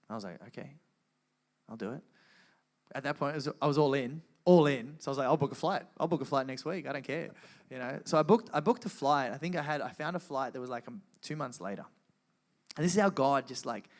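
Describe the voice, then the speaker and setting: A man giving a personal faith testimony to a live church audience, telling his story earnestly and acting out his own dialogue. He drops quiet in the grave parts and gets loud and excited in the lively ones. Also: medium pitch. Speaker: guest speaker at a church event.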